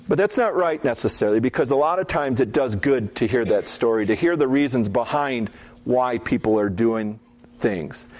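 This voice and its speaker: A man with a medium-pitched voice gives a Bible teaching talk, telling stories in a relaxed, conversational way and frequently checking in with "okay?".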